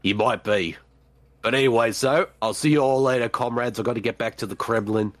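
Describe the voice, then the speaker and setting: A man's voice: mid-range voice, brisk, no room sound, voice pushed down, lightly acted. A man voicing a grumpy Russian-Australian father figure who calls everyone comrade, as a comedic podcast character bit.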